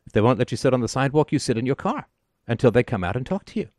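A man's voice: medium pitch, sing-song, racing, darkish tone, no echo, studio quality. A man hosting a call-in show, giving advice in an emphatic, sardonic monologue and often asking "right?".

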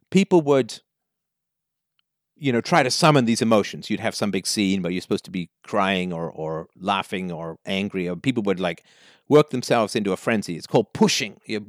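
Male talk host, animated advice-giver who acts out his anecdotes; bone-dry studio voice. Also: lowish voice, dry recording. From Canada. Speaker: call-in show host.

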